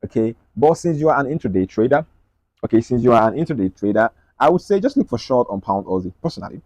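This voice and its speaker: Fast-talking man breaking down charts. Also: mid-range voice, animated, a little mellow, dry recording. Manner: rapid, repetitive, checks in with "right?" and "okay?". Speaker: trading analyst. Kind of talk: screen-share market analysis.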